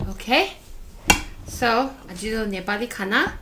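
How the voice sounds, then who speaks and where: A woman's voice: medium pitch, a little slow, long pauses, heavy background noise. A woman from Northeast India, a food vlogger chatting casually while she cooks and eats, who often ends lines with "okay?". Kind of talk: casual cooking and mukbang chat.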